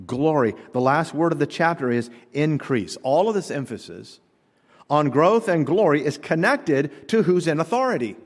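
A man preaching a sermon as pastor, emphatic and full of rhetorical questions. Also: on the high side. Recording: long hall reverb.

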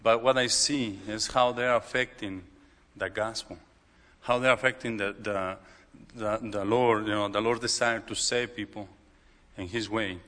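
A man with a Mexican accent, a native Spanish speaker, delivers a sermon in broken English. He stumbles and repeats words, and his bright, forceful voice carries a long echo through a large hall. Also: lowish voice, steady tone, a little slow. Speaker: preacher.

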